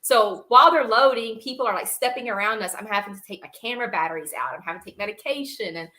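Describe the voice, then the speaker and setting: A woman's voice: mid-range voice, animated, quick pace, pushed and bright. A young woman on a podcast, telling stories animatedly and laughing often between sentences. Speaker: podcast guest, reptile breeder. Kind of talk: casual storytelling chat.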